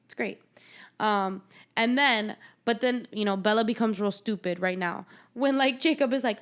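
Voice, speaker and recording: Recapping a film on her podcast, this young host chats casually, swearing freely and staying sarcastic as she walks through the scenes. Her voice sits on the high side, and her pace is moderate.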